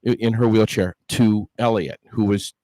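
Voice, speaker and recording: A man's voice: on the low side, moderate pace, no room sound, rough recording. Chatty male host telling stories. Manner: storytelling, animated, stumbles over restarts. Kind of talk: casual chat.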